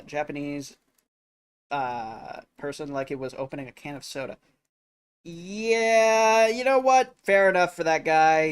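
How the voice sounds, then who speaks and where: A male streamer reacting to videos with excitable, exclamatory commentary and frequent swearing. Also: on the high side, clean tone. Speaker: streamer host.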